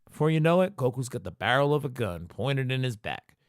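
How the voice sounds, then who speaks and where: A man's voice: mid-range voice, very animated, brisk, dry recording, clean studio sound. A man hosting a podcast alone, talking casually through an episode recap, cursing often and joking as he rambles. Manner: profane, jokey, rambling commentary. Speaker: podcast host.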